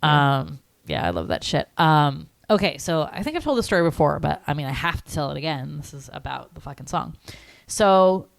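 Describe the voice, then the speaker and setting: A woman's voice: low voice, big pitch swings, moderate pace, creaky, no echo. A woman in her thirties co-hosting a podcast, telling childhood stories in a rambling way, full of fillers and casual swearing. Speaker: podcast co-host. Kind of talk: casual chat, storytelling.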